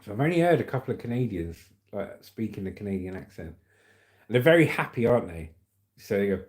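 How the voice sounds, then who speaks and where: A man's voice: on the low side, big pitch swings, quick pace. A man hosting a casual livestream, reading chat comments aloud and laughing often. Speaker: livestream host.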